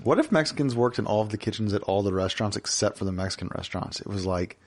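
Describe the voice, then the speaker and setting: A man's voice: on the low side, animated, quick pace. Man joking through casual podcast chat. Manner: joking, rambling, lots of restarts. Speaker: podcast co-host.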